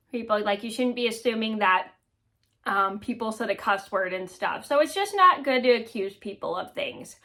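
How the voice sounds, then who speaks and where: Woman, thirties, vlogger: slightly high, bright voice, loose rambling storytelling. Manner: rambling, many ums and restarts. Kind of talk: casual storytelling to camera.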